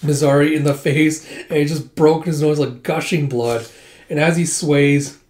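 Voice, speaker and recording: A man casually recapping a comic book, relaxed and loose with fillers. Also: a little high, moderate pace. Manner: laid-back, with fillers and laughs. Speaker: comic readthrough host. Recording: roomy echo.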